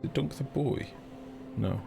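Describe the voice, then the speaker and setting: A young man commentating casually on a live game stream, chatty and excitable, swearing freely and talking to his chat. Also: mid-range voice, unhurried, vocal fry, music in the background.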